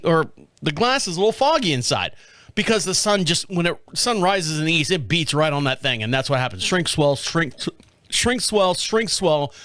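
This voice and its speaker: A middle-aged man hosting a podcast, telling a story in casual chat, animated, acting out the voices of the people in it and laughing often. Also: high-pitched, dry recording. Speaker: podcast host.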